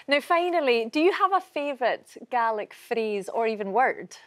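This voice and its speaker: A woman's voice: on the high side, lively intonation, normal speed, fairly bright tone. A Scottish woman hosting a language lesson programme, switching between introductions and questions. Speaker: host. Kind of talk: studio presenting.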